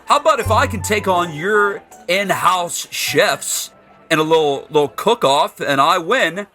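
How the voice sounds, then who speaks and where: A man with a high, bright voice plays a tabletop game in an easy, joking manner. Faint music sits behind him. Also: expressive, measured pace. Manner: laid-back, jokey. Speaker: player. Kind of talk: tabletop game role-play.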